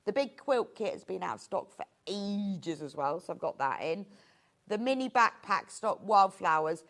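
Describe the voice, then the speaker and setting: A chatty, enthusiastic woman in middle age, showing off craft kits on a live shopping broadcast. She talks at an easy mid pitch, gushing over each item as she goes. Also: lively intonation, moderate pace, a bit bright. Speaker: shopping channel presenter. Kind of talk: live sales presentation.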